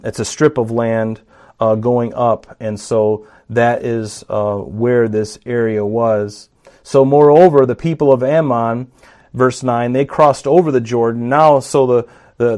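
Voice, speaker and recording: Male pastor, mid pitch, teaching sermon, talky with restarts, lifts volume on scripture. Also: a little mellow. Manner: teaching, rising in force on scripture quotes; conversational with frequent fillers and restarts.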